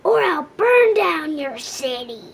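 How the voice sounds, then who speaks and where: A boastful male fire-breathing dragon from a children's storybook, roaring threats one moment and grumbling sulkily the next, as a woman reader puts him on. The voice sits rather high and moves at an unhurried pace, with a faint hiss of noise behind it. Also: animated, creaky, exaggerated voice.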